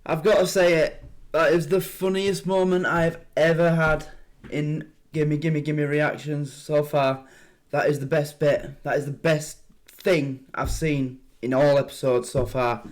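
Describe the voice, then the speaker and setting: A man hosting a reaction video, rambling excitedly and swearing as he comments. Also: a little high, a little slow.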